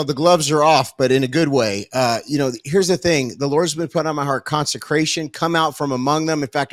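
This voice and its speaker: A man's voice: medium pitch, no echo. A man who is a pastor, speaking as a guest in an earnest, conversational way on a close mic. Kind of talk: casual interview talk.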